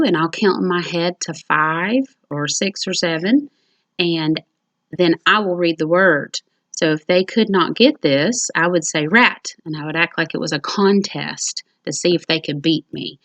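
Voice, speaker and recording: A woman teacher speaking to parents in a calm, patient, reassuring way, showing how to help children read. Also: lowish voice. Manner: acts out reading aloud with rising expression. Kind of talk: instructional talk to parents.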